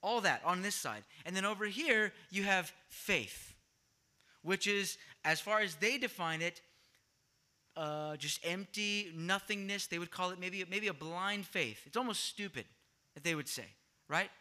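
Male pastor, sermon delivery, bright and high voice, questions the congregation, louder at key points. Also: measured pace. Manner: teaching, asks the congregation questions, swings louder for emphasis.

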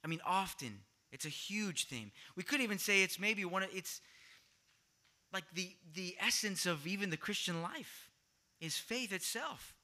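Male pastor, sermon delivery, bright and high voice, questions the congregation, louder at key points. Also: animated, measured pace. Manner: teaching, asks the congregation questions, swings louder for emphasis.

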